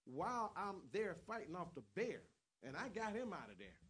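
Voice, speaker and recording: High-pitched preacher man, acts out the story voices, gets shouty. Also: sing-song, normal speed, slightly rough. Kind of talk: sermon.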